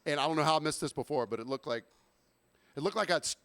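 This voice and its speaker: A man in a relaxed podcast chat tells a long story at an easy pace, often restarting his sentences. His voice sits a bit high. It is recorded dry and close to the mic. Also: quick pace, clean tone, no echo. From Savannah, Georgia. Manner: laid-back storyteller with frequent fillers and restarts. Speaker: podcast co-host.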